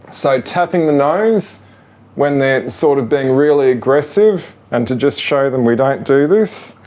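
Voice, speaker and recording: A man explains, in a casual how-to, how he trains his ferrets. His voice is mid-pitched and gentle, coaxing the animals along patiently. He rambles a bit, leaning on fillers as he goes. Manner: rambling with fillers like "you know" and "sort of". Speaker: ferret owner demonstrating training.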